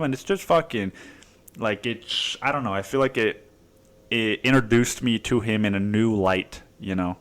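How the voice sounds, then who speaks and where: A man's voice: medium pitch, clear, resonant tone. A man hosting a casual solo podcast, rambling in a stream of consciousness and swearing constantly. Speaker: podcast host.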